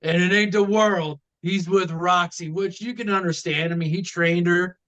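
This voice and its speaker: A man with a high voice talks through wrestling storylines in a loose, casual podcast chat. He rambles, restarting phrases and leaning on fillers as he works out his point. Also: fairly even intonation, normal speed, a bit bright, dull audio. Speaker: podcast co-host.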